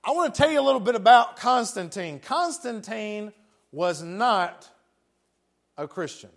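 A man's voice: high-pitched, animated, unhurried, creaky. A man with a West Tennessee accent preaching a sermon in a folksy, joking way, laughing often.

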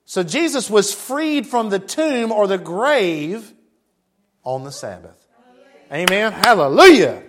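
A high-pitched man preaching and reading Bible passages aloud. He stops often for chatty asides, talking to his listeners in a plain, conversational way. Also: very animated, slow pace. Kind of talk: sermon with scripture reading.

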